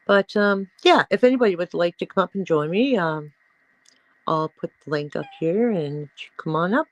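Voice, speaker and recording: Middle-aged woman hosting a casual stream: rambling and slow-paced, with a dry, close sound. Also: dry recording, rough recording. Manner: chatty, rambling, coos at her pets in a high voice. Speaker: livestream host. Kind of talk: casual livestream chat.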